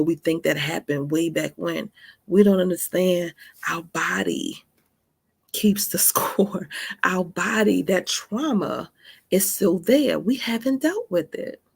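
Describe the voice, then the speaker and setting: A woman in her forties hosting a faith talk show, giving a candid personal testimony in an earnest, conversational way. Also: low-pitched. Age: 40s. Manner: earnest and conversational, often asks "right?". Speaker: faith podcast host.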